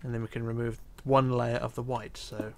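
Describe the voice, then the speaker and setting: In this casual game tutorial, the host sounds tired and yawns while narrating his build, counting blocks softly to himself. He talks at a moderate pace with a medium pitch, relaxed throughout, sometimes close to whispering, over slight background noise.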